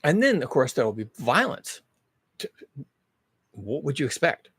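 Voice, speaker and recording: A man's voice: medium pitch, very animated, moderate pace, fairly bright tone, breathy edge, dry recording. A man hosting his own channel, talking through big questions in a rambling, emphatic monologue full of rhetorical questions. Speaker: host. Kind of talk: casual monologue.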